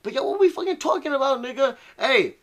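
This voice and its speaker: High-pitched man in a profane mocking rant. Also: lively intonation, fast talker, a bit bright. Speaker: commentator. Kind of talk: heated rant commentary.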